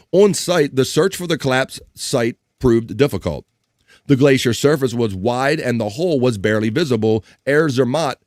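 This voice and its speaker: A man's voice: medium pitch, darkish tone, no room sound, clean studio sound. A man hosting a live stream, casually joking and reading news stories and chat comments aloud. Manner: joking, reads chat comments and articles aloud, laughs often.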